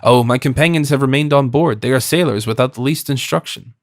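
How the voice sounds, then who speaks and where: A man reads a wily fisherman in his fifties, chatty and humbly deferential with a sly edge. The audiobook sound is close and dry. His pitch sits at a middle level. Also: a little fast, dry recording, lightly acted. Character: cunning, talkative French fisherman in his fifties.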